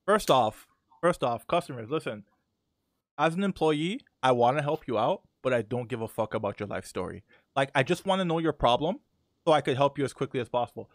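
A man hosting a casual chat and telling animated, slangy stories. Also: medium pitch, fairly quick, dry recording.

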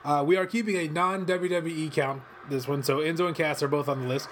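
A man from western Kentucky, USA, with a voice on the high side, hosts casual watch-along commentary from a cold home office studio. He rambles, curses, and is quick to excited outbursts, with slight background noise audible.

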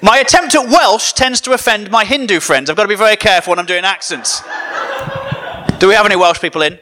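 A man who is a comedian giving a funny sermon to a live audience, animated and joking with the crowd. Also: sits high, quick pace, background noise. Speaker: comedian preaching.

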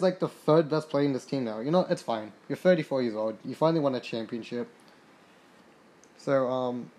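A young man doing casual commentary on a basketball sim game, reading stats aloud, swearing freely and getting excited. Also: a little high. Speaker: gaming podcaster.

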